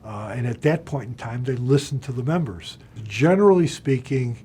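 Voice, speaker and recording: A man's voice: medium pitch, animated, normal speed, mellow, husky. An older man recounting his years as a floor trader and governor in an oral history interview, speaking bluntly with frequent fillers.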